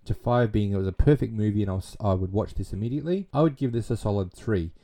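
Low, mellow-voiced man recapping a movie. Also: fast talker. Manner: rambling, with many fillers and restarts. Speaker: movie reviewer. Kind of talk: casual movie recap and review.

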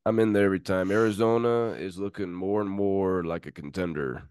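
A male podcast host with a notably low voice, easygoing and friendly as he chats sports. The recording is dry, with no room sound. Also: fairly even intonation, fairly quick, a little mellow, clean tone, dry recording. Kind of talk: casual sports podcast chat.

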